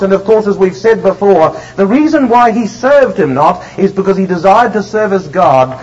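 A man preaching a sermon, emphatic and slowing down to stress the scripture he reads. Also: high-pitched, animated, darkish tone, slight background noise. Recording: dull lo-fi recording.

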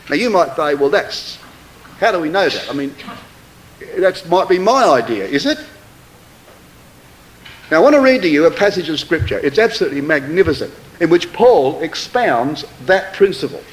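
A man delivering a sermon with a fairly high, very lively voice that swoops up and down. He leans hard on chosen words and slows right down on them, and he reads scripture in a stately, measured cadence. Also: roomy sound, slight background noise, low-quality recording. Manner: emphatic, slow deliberate stresses on words. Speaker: preacher.

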